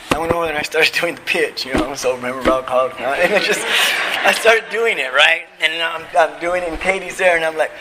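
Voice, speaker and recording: Slightly high and fast, this middle-aged man's voice comes through a very noisy convention hall. Speaking at a recovery convention, he shares a heartfelt story of his own in a relaxed way, peppered with "man" and "dude".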